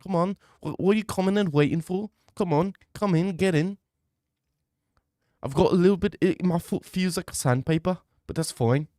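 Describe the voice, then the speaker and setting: A man doing a pushy high-voiced booth hawker. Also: normal speed, mellow, no room sound, clean studio sound, lightly acted. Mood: coaxing. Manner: wheedling, coaxing, teasing. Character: pushy male booth hawker coaxing someone in.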